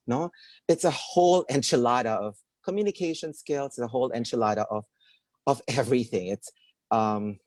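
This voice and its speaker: A man's voice: mid-range voice, darkish tone, no echo. A man with a Filipino accent giving a webinar lecture. He mixes English and Tagalog, adds "okay?" and "no?" checks, and acts out stress and intonation examples. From Philippines. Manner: demonstrates stress and intonation aloud. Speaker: webinar speaker.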